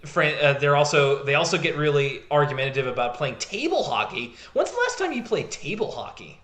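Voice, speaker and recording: A man's voice: a little high, sing-song, fairly quick, a bit bright, reverberant. A man co-hosting a podcast in casual chat, rambling with lots of fillers and laughing easily. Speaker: podcast co-host.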